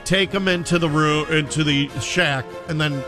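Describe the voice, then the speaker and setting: A man's voice: a little high, moderate pace, over music. A man hosting a sports talk radio show, telling stories in a casual, laughing way.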